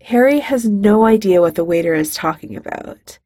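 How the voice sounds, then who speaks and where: A woman's voice: mid-range voice, lively intonation, normal speed, warm tone, no echo, studio quality. A woman reading fiction aloud in a wry, conversational narrating voice. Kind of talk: fan fiction audiobook reading.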